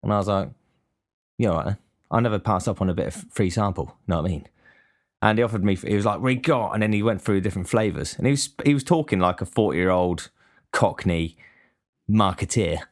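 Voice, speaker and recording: Deep-voiced man telling a rambling story. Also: fast talker. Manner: rambling, sweary, deadpan complaining. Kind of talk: casual comedic storytelling.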